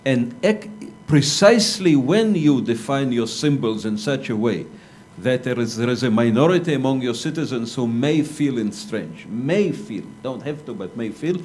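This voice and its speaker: A male academic panelist answering a conference question in a measured, argumentative way, with hesitant restarts. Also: mid-range voice, lively intonation, darkish tone, a little hiss or hum. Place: lecture hall.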